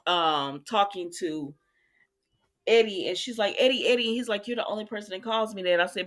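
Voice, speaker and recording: A chatty woman with a drawl, recapping a soap opera episode for her viewers. She talks at a mid pitch in a loose, conversational way and slips her own opinions in between the quoted lines. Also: moderate pace, a bit bright. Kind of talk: casual chat, recapping a TV episode.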